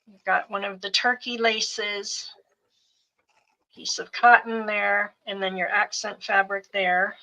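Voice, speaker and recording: A middle-aged woman walks through craft bundles one item at a time, in no hurry. Her voice is bright and forward, and she lists each piece with a soft, unhurried cadence. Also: medium pitch, level tone, rough recording. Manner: unhurried, listing items one by one. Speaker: seller showing craft bundles. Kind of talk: slow live sales show-and-tell.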